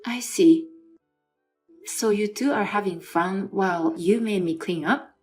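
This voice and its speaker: A woman's voice: medium pitch, measured pace, darkish tone, faint music behind, close to an everyday voice. A woman reading an exasperated, sarcastic wife. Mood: incredulous. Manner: incredulous and sarcastic. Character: young wife with an injured arm, exasperated. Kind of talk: dramatized story reading.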